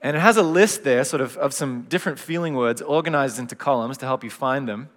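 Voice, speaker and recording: Man, pastor, middle-aged, gentle, reflective, conversational sermon, long hall reverb. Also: mid-range voice, fairly quick. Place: church hall.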